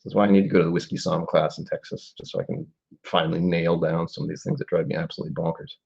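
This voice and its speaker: A man's voice: low-pitched, fairly even intonation, rapid-fire, creaky, a little mellow, slightly rough, highs cut off. A man in his forties hosting a casual live-stream tasting, musing aloud and rambling with trailing asides. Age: 40s.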